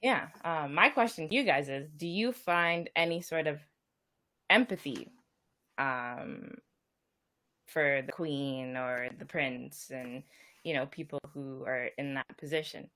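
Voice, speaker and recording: A woman co-hosting a casual chat show, talking in a thoughtful, measured way with soft asides. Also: sits low. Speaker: podcast co-host.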